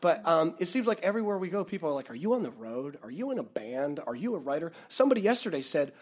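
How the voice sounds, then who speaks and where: Talking fast in a voice on the high side, a man who tours as a musician shares stories during a laid-back interview. He's animated, performing the voices of the people he quotes.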